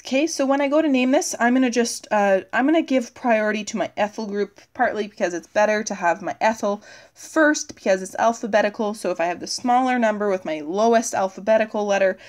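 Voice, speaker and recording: Woman teaching a chemistry lesson. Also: mid-range voice. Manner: talks while writing on the board, filling pauses with "okay" and "uh". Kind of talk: recorded video lesson.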